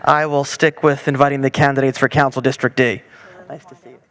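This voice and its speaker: A man moderating a candidate forum, brisk and lightly joking as he calls the candidates up and reads the questions. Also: mid-range voice, level tone, fairly bright tone, clear, resonant tone. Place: large hall, public forum.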